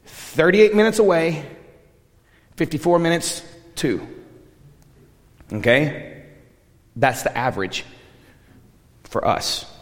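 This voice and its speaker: A middle-aged man preaching as a missionary, telling stories in a lively, conversational way and acting out the dialogue. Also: fairly high pitch, in a large hall. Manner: animated, conversational, acts out dialogue. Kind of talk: sermon storytelling.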